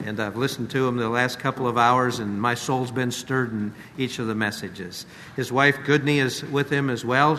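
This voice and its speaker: A man's voice: medium pitch, sharp tone, slight background noise. A man, the host pastor, giving a friendly, upbeat introduction of a guest preacher in a church service. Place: large church sanctuary. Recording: long church hall reverb with faint ambience.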